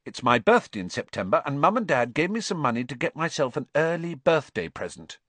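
A man's voice: fairly high pitch, very animated, fairly quick, a bit bright, dry recording, pitched above the performer's own voice. A man doing Hermione, a prim bookish girl. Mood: earnest. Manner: serious, precise, a little superior. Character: earnest bossy bookish teenage girl.

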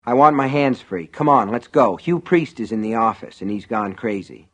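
A man reading an audiobook, voicing a steady male small-town sheriff who gives firm, urgent commands. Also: medium pitch, moderate pace, highs cut off, lightly acted.

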